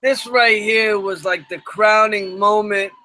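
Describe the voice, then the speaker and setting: High bright man with a hoarse voice. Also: slow pace, no room sound, poor audio. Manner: excited, animated storytelling. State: losing his voice. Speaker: co-host. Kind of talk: casual live-stream chat.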